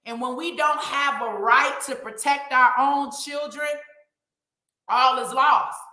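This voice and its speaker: A woman's voice: high voice, fairly even intonation, slow pace, sharp tone. A woman hosting a live online show, speaking in an emphatic, preachy way and calling out to her viewers. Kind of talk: impassioned livestream commentary. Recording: echoey room.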